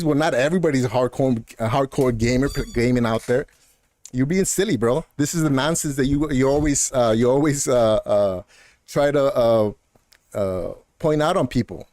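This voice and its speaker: A man streaming a game and arguing with a viewer in chat, talking heated and animated and calling them bro and man. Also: mid-range voice, no echo, studio quality. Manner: argumentative, talks straight to a viewer in chat, repeats "bro" and "man"; animated and heated, with quick laughs. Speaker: gaming streamer. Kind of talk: casual live-stream rant.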